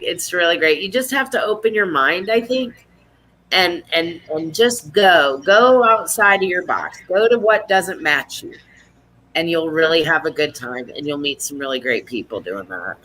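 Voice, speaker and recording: A woman's voice: medium pitch, low-quality recording. Chatty woman hosting an online meeting. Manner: chatty, teasing, lively. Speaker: support group host. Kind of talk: casual meeting chat.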